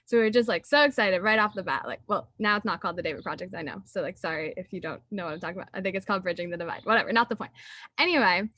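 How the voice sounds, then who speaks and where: A woman's voice: medium pitch, rapid-fire, sharp tone, no room sound. A young woman giving a chatty, gushing tribute to a friend at a student ceremony, full of fillers and getting emotional. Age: young adult. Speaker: student speaker honoring a friend. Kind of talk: heartfelt tribute speech.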